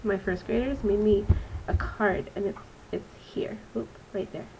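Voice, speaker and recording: A woman in her twenties, a student teacher, reviews a book on her vlog in a mid-range, mellow voice at a measured pace. Allergies leave her sounding stuffy and nasal, and she rambles chattily with lots of ums. The recording is low quality, with a little hiss or hum.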